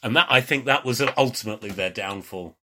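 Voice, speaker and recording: A man's voice: medium pitch, brisk, bright, forceful tone. A man, co-hosting a podcast in a rambling, jokey, casual style. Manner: rambling, jokey, many fillers and restarts. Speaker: podcast co-host. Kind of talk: casual chat.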